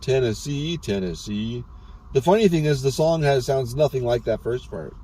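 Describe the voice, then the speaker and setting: A man's voice: mid-range voice, fairly quick, warm tone. A man from Arizona talking to the camera while he drives, rambling, cursing and mocking himself in a casual monologue. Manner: profane, rambling, self-mocking. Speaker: vlogger. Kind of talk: casual driving vlog monologue. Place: inside a moving car. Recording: road and engine noise.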